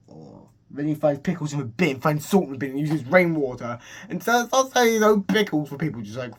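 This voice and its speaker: A man's voice: medium pitch, lively intonation, brisk, husky. Rambling man recapping a film. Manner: rambling, full of restarts and "he's just like". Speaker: movie reviewer.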